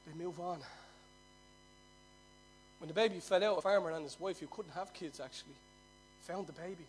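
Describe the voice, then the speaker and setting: Male preacher, high voice, storytelling sermon, loud then hushed. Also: fast talker, a little hiss or hum. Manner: swings from loud emphasis to near-hushed telling.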